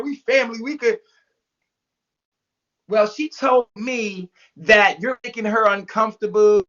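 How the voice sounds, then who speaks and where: A man telling a story in casual, profane talk, acting out what others said in their voices. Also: high-pitched. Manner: animated, profane, acts out quotes in voices. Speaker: interview guest. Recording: dull lo-fi sound.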